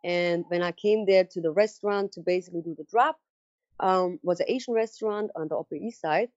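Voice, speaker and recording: A woman being interviewed, telling a personal story in a casual, animated way and acting out what people said. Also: lowish voice, fairly quick, no echo. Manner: animated storyteller who acts out quoted dialogue; frequent fillers and restarts, casual phrasing. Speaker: interview guest. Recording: dry, slightly dull lo-fi audio.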